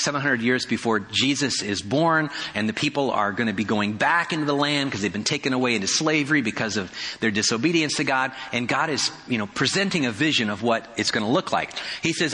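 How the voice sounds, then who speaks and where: A pastor delivers a sermon, weaving in stories and playful asides. His voice is bright and forward, with a long reverb trailing it through a large hall. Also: mid-range voice. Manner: storytelling with humorous asides.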